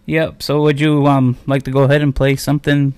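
A man's voice: medium pitch, level tone, a little fast, darkish tone, clean tone, no echo. A man hosting a small community radio show, from a reservation on the Canadian border, in a loose, rambling live interview. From Akwesasne, on the Canada-US border. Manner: rambling, loose, with many fillers.

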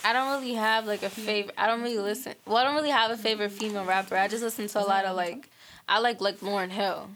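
A woman's voice: medium pitch, steady tone, fast talker, a bit bright, slight background noise. A woman with a mid-range voice answering in a casual group chat. She hesitates, searching for her words and filling the gaps with lots of filler words.

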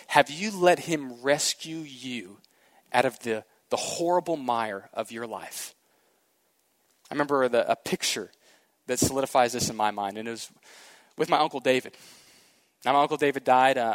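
A man preaching a sermon, his voice on the higher side for a man. He tells stories with lively swings from quiet, hushed moments to loud, emphatic climaxes. The sound is dry and close, with little room echo. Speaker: pastor. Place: church sanctuary.

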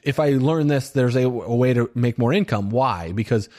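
A middle-aged man hosts a solo podcast of self-reflection, talking earnestly and loosely with lots of "you know" and "like." His mid-range voice has a darkish tone and moves at a moderate pace.

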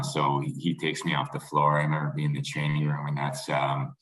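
A middle-aged man from Canada, a former athlete, telling a rambling, animated story on a podcast. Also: extremely low pitch, normal speed, few pauses, poor audio. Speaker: former pro lacrosse player, guest.

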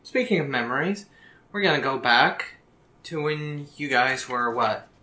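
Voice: medium pitch, expressive, measured pace, pushed and bright. A storyteller narrating a tabletop role-playing game in a descriptive, matter-of-fact way, recorded with a roomy echo.

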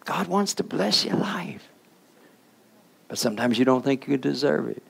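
A man preaching a sermon in plain colloquial speech. He keeps asking the listener questions, often prodding with "huh?", and swings between hushed and loud passages. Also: mid-range voice, expressive, normal speed, gravelly, slightly rough. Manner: rhetorical questions with repeated "huh?"; informal colloquial grammar.

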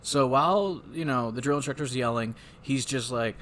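A man co-hosting a casual movie podcast, retelling scenes in a loose, profane, animated way. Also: medium pitch, moderate pace, slight background noise. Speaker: podcast co-host.

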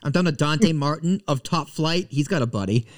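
A man co-hosting a casual wrestling podcast, running through a long list in a deadpan way with dry jokes. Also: a little high, moderate pace, no echo. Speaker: podcast co-host.

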